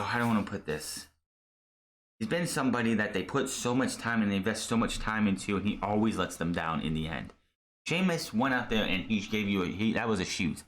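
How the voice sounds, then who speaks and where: Male wrestling reviewer, lowish voice, blunt and exasperated solo rant. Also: a bit bright. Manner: blunt, exasperated, rambling with restarts. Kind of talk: casual solo commentary.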